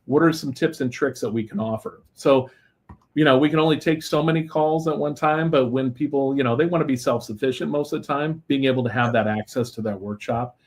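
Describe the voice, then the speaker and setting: A man's voice: mid-range voice, a little fast. Talkative male guest with easy fillers. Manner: relaxed and talkative, with many fillers and "you know". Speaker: guest, lighting company executive. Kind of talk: casual interview chat.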